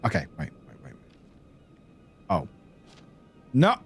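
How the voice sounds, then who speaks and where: A man's voice: low voice, huge pitch swings, slow pace, slightly rough, faint music behind. A man from the UK streaming a game, chatting casually, laughing and swearing as he plays. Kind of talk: casual live-stream commentary.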